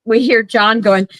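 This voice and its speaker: A woman telling a story in a casual chat, chatty and giggly, quick to jump in. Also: on the high side, a bit bright, no room sound, low-quality recording. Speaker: show guest.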